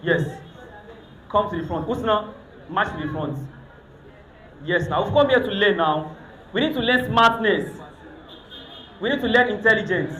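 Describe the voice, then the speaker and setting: A Nigerian man emceeing a youth gathering, his voice high and bright as he teases the audience and slips into pidgin and Yoruba. He talks into a handheld mic, and the sound bounces around an echoey hall. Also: lively intonation, moderate pace, long pauses. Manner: teasing, mixes pidgin and Yoruba, calls out to crowd. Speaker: event host, master of ceremonies. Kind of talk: lively emcee banter with audience. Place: event hall. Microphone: handheld microphone.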